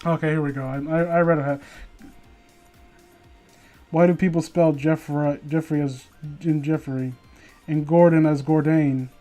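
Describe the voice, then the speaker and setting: A man's voice: fairly high pitch, steady tone, a little slow, pauses often, mellow, faint music behind. Sweary ranting young man. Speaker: reader and commentator. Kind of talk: comedic dramatic reading with commentary.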